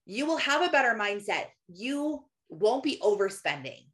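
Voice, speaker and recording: A woman's voice: a little high, big pitch swings, moderate pace. A woman in her thirties giving a personal faith talk, telling stories in a chatty way with many fillers. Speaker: Christian speaker.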